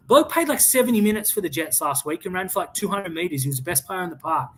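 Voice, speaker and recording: A man's voice: high-pitched, quick pace, few pauses, fairly bright tone. An Australian man hosting a fan sports chat, blunt and opinionated, swearing freely and often restarting his sentences. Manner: frequent restarts and stammered repeats. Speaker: fan podcast host. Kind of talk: casual live-stream sports chat.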